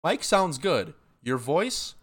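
Excitable, swearing young male host. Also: fairly high pitch, takes it slowly. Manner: profane, joking, excitable. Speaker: podcast host. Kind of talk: casual live-stream chat.

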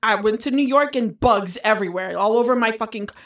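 A woman in her thirties, telling a story in casual chat, animated and swearing freely. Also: on the high side, fairly quick.

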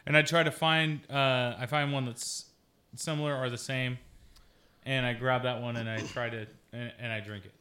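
Indignant, bright-voiced man player. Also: medium pitch, steady tone, moderate pace. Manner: indignant, swears a lot. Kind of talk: playing a tabletop game.

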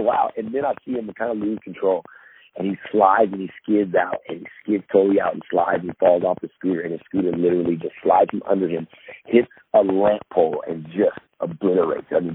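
A man casually telling a long story, rambling with many fillers and restarts and acting out what people said. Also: low voice. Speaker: podcast guest, former pro basketball player. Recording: tinny phone-like line with faint noise.

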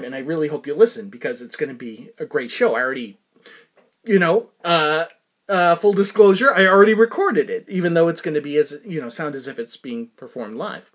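A man's voice: high voice, fairly bright tone. A middle-aged American man hosting a podcast, rambling in casual chat with lots of fillers and restarts. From United States. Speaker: podcast host.

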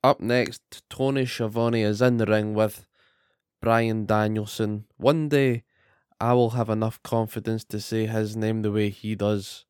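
A man in a sweary, animated rant, recapping wrestling as a podcast co-host. His voice sits low, smooth and resonant. The sound is dry and close, with no room. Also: a little slow, no echo.

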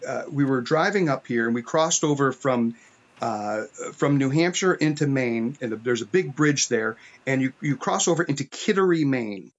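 A man from upstate New York, an author guest telling stories in a rambling, filler-heavy podcast chat. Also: medium pitch. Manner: rambling storyteller with many fillers. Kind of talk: casual podcast conversation. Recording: muffled lo-fi audio.

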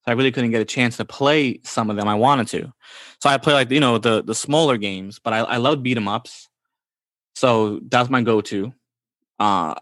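With a mid-range, slightly bright voice recorded close and dry with no room sound, a man in his forties from the Bronx, New York, shares childhood stories. His casual storytelling is laid-back and slangy, with "bro" coming up often.

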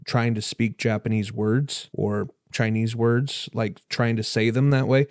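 A man's voice: medium pitch, little pitch movement, unhurried, no room sound, studio quality. A man co-hosting a podcast in casual chat, laid-back and hesitant, with lots of fillers. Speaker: podcast co-host.

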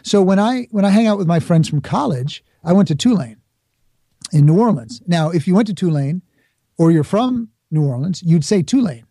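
A middle-aged Bronx man guests on a podcast, his high-pitched, mellow voice expressive at a moderate pace. The conversational interview finds him reflective, explaining with examples and acted-out asides, in clean studio audio with no room sound.

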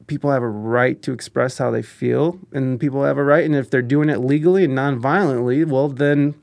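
A man's voice: medium pitch, a little fast, vocal fry, a little mellow. A man from the United States in casual conversation, giving his views at length in a rambling way and swearing casually. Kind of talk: casual chat.

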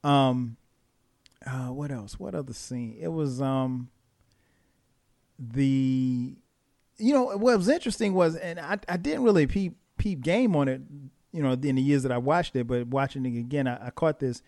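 A man who is a podcast guest and tells animated stories with frequent laughs. His mid-pitched voice sits close and dry on the mic. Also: normal speed, dry recording. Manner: animated storytelling, laughs often. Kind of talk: casual podcast chat.

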